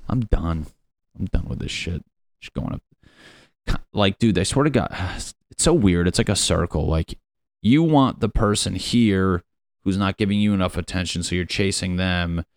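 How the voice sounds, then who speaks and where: A man's voice: low voice, normal speed, no echo, clean studio sound. A young adult man ranting in a rambling, profane, comedic monologue full of fillers.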